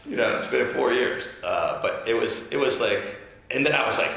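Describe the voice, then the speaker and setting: Bright-voiced man in an echoey room. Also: medium pitch, normal speed, vocal fry, a little hiss or hum. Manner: animated storyteller who acts out quotes. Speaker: former governor being interviewed. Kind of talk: casual storytelling interview.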